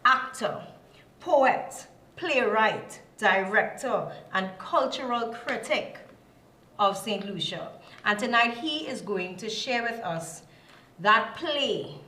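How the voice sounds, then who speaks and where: A woman's voice: fairly high pitch, animated, slow, pushed and bright, echoey room. A woman hosting an interview in a chatty, casual way, switching between English and Spanish. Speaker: talk show host. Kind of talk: casual bilingual interview intro.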